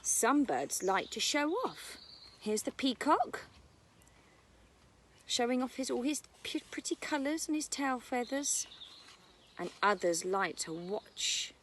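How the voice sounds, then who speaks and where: A woman's voice: a little high, lively intonation, slow pace, long pauses, fairly bright tone, a little hiss or hum. A British woman who teaches nursery, reading a picture book about birds to young children outdoors in a garden, using a sing-song storytime voice. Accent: British English.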